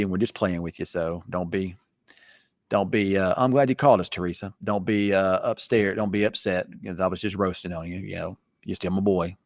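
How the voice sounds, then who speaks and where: Weather host, casual late-night chat, rambling and teasing, low dry voice. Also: male voice, no echo.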